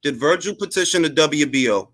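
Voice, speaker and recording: High, animated man hosting a heated panel. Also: brisk. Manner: forceful, repetitive, cuts others off. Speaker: host of boxing talk panel.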